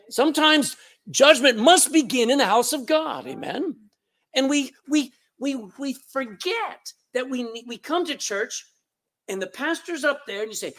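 Preaching to his congregation in the church sanctuary, this Texan pastor uses a very high, slightly bright voice and a somewhat slow pace. He is animated and emphatic, repeating words and calling out to the people in his Texan accent.

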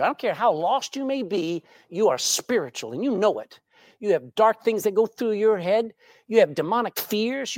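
A woman preaching a sermon, animated and questioning her congregation, with jokes and anecdotes along the way. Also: medium pitch, dry recording, clean studio sound. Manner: tells jokes and anecdotes with a laugh.

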